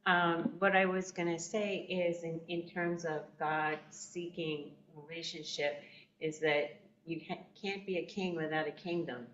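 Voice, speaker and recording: A woman adding to a group text study, hesitant and searching as she speaks. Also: fairly low pitch. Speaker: participant. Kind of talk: discussion contribution. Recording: echoey, dull, faint noise.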